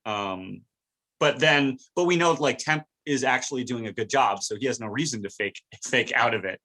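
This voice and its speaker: Bright-voiced man animatedly retelling scenes. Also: mid-range voice, normal speed. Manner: animated storytelling, recounting scenes. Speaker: podcast host. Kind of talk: casual podcast recap.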